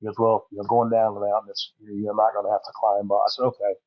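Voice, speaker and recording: Low-voiced man spinning a folksy hunting tale. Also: completely flat delivery, quick pace, dry recording, muffled recording. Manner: rambling, folksy, lots of fillers. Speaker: podcast guest. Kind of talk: casual storytelling.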